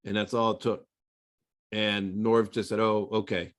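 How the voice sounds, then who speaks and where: Low-voiced former quarterback telling stories. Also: male voice, measured pace. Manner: relaxed, conversational, many fillers. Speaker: former NFL quarterback, guest. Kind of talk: casual storytelling interview.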